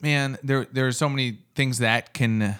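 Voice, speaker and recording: Young dude on a podcast, mid voice, candid, jokes at himself a lot. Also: male voice, mid-range voice, steady tone, moderate pace, fairly bright tone, clean tone. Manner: candid, jokey, self-mocking. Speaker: podcast co-host. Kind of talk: casual chat.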